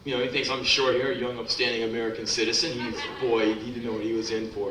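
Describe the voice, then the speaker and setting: A young man doing a profane, comic spoken-word performance on a club stage, breaking into shouted mock rants. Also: mid-range voice, little pitch movement, fairly quick, slight background noise. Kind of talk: live spoken word storytelling. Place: club stage before a live audience. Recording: roomy club live recording from a distance.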